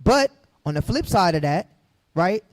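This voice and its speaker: A man teaching from the Bible to a group, fiery and preachy, firing questions at the room and rising to shouts. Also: sits high, sing-song, a little slow, no room sound.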